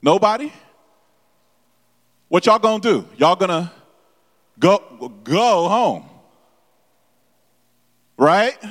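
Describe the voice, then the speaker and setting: A man's voice: high-pitched, sing-song, a bit bright. A man preaching a sermon to his congregation, stumbling and repeating words as he explains scripture and asks the room questions. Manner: halting with many repeated words and fillers, addresses the congregation directly. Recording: long echo of a large hall.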